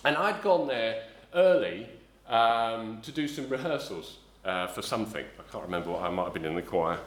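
A man's voice: on the low side, expressive, moderate pace, reverberant. A middle-aged man from south-east London preaching a sermon, telling a rambling personal story with many ums and restarts. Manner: rambling, self-correcting storyteller, frequent ums.

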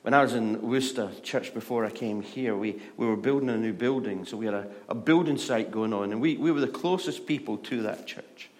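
A middle-aged Scottish pastor preaching a sermon, telling stories and moving between hushed and loud, lively delivery. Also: male voice, mid-range voice, fairly quick, few pauses. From Scotland. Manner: storytelling, shifts from hushed to loud and animated.

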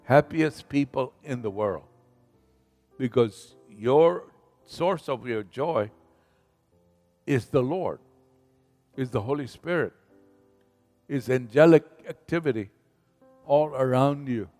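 A man preaching a sermon as pastor, slow and emphatic, leading the congregation in call-and-response and rising in volume on scripture. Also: medium pitch, a little mellow. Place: church sanctuary. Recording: reverberant hall with faint music.

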